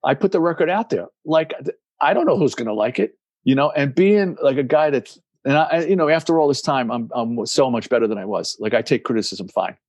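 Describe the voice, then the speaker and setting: A man's voice: mid-range voice, fairly quick, darkish tone, dry recording. A man in his sixties, a guest in a casual interview, talking in rambling runs and acting out voices in his anecdotes. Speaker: guest, musician and recovery coach.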